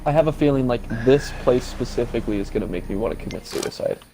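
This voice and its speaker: A man chatting casually and profanely while streaming a game, animated and quick to laugh. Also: medium pitch, background noise. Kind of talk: casual gaming stream chat. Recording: loud game music behind.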